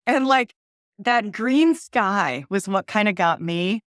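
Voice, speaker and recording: A woman's voice: medium pitch, lively intonation, slow, no room sound, studio quality. Bubbly woman from Ohio, laughing often. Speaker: author and podcast guest. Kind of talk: casual interview chat.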